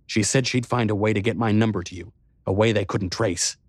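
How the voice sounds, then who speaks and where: A man's voice: fairly low pitch, steady tone, a little fast, no echo, studio quality, natural voice. A man reading a novel aloud, voicing a youngish tech billionaire who talks bluntly in a sure, strong voice. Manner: blunt and casual. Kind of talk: audiobook character voice.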